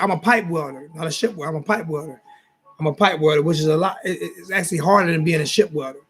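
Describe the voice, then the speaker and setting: A man's voice: high voice, fairly bright tone. A man in his forties hosting a casual late-night sports talk livestream, tired, rambling and repeating himself as he talks straight to his chat. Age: 40s. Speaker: sports talk show host.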